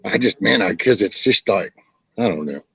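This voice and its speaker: A man's voice: on the low side, lively intonation, normal speed, gravelly, a bit bright, slightly rough, no room sound. A middle-aged man hosting a casual livestream, talking in a folksy, profane, ranting way. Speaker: livestream host. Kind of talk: casual rambling livestream chat.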